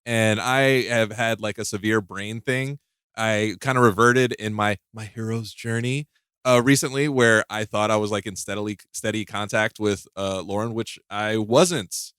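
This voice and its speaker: A man's voice: on the low side, steady tone, a bit bright, clear, resonant tone, no room sound. Stammering jokey man hosting a podcast, dry sound. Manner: halting, many restarts and stammered repeats; jokey, laughs at his own stories. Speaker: podcast host. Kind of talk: casual chat.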